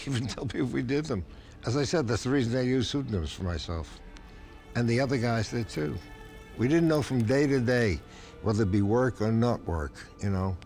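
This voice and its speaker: A man interviewed for a documentary, recalling past events reflectively with frequent pauses. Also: medium pitch, darkish tone. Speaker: interviewee recalling the comics industry.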